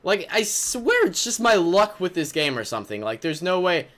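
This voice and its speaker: Excitable young-sounding gaming host man. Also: high-pitched, measured pace. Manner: excitable, exasperated, says "like" and "oh my gosh" often. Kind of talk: let's play commentary.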